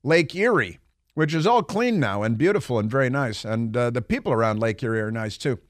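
A middle-aged male radio host riffs sarcastically at the microphone, mocking and animated as he tells his stories. The studio sound is close and dry, with no room around the voice. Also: mid-range voice, fairly quick, no echo. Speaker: radio talk show host. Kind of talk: conservative talk radio monologue.

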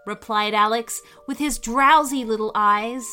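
A woman hosting a children's story podcast, reading an adventure story in a cheerful, animated way. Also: a little high, slow pace, faint music behind.

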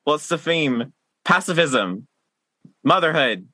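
A man's voice: fairly high pitch, expressive, slow pace, sharp tone, no room sound. A man hosting a casual podcast, rambling with fillers and teasing his guest playfully. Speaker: podcast host.

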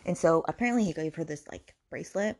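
A woman's voice: deep voice, lively intonation, fast talker, darkish tone. A woman hosting a book podcast, ranting sarcastically about a novel and swearing freely. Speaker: podcast host reviewing books.

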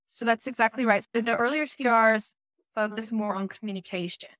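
A woman hosting a podcast who reads out court testimony and discusses it in a measured, serious way. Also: a little high, fairly bright tone, dry recording. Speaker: podcast host.

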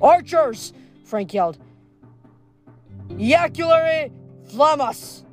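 A reader playing a young Roman officer, hurt but commanding, who barks Latin orders in a raised, strained voice. Soft music plays behind him in this storybook reading. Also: male voice, high-pitched, moderate pace, natural voice.

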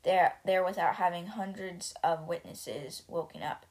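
A woman's voice: lowish voice, a little slow, close to an everyday voice. A woman voicing a stern, defiant middle-aged baker in a casual retelling of a storybook.

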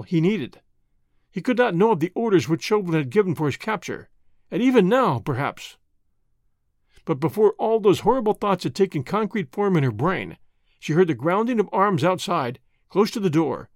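Expressive man narrating a story. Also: high-pitched, dry recording, studio quality. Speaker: audiobook narrator. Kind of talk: scripted narration.

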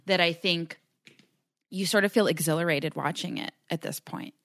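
Woman podcast co-host with a lowish voice, hesitant conversational recap, dry close sound. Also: moderate pace, vocal fry, fairly bright tone, dry recording. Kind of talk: casual chat recapping a TV episode.

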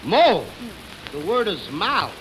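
A man's voice: sits high, wildly swooping pitch, unhurried. A man playing a cheeky, whiny, wisecracking comic in a 1940s radio comedy, on a noisy old broadcast recording. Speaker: comedian, co-host.

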